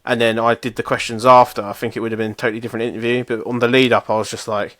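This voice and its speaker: A man's voice: medium pitch, level tone, rapid-fire, hardly any pauses, fairly bright tone, no echo. Dry-recorded man telling stories. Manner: swearing, self-mocking storyteller. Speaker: podcast co-host. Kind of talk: casual chat.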